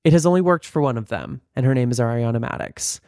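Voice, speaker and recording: Male podcast co-host, camp and profane, clear resonant tone, dry sound. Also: mid-range voice, fast, a little mellow, no echo. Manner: theatrical, profane, joking. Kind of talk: casual chat.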